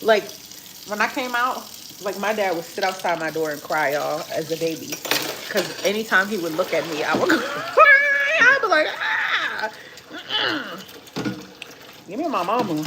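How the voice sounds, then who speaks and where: A woman in a home kitchen chats casually with her livestream viewers, with a faint hum of background noise. Her voice sits at an average pitch for a woman, and she acts out other people's lines with big jumps in pitch. She tells her stories in an animated way and curses freely. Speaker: vlogger chatting with live viewers. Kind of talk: casual livestream chat while cooking.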